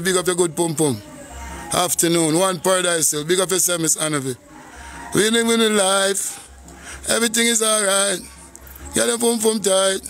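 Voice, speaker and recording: A Jamaican man talks casually into his phone on a live stream, shouting out viewers and breaking into hummed scat syllables. His voice sits fairly high for a man, with faint music playing behind him. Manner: shouts out viewers, hums and scats between lines.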